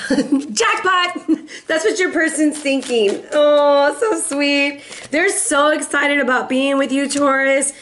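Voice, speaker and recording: A middle-aged woman reads tarot in a loose, playful way and chats easily with her viewers. She slips into little sung lines and acts out other people's words with an animated delivery. Her voice sits fairly high for a woman. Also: slow pace, a little hiss or hum. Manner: playful and chatty, breaks into song snippets. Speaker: tarot reader and life coach. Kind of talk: casual tarot reading.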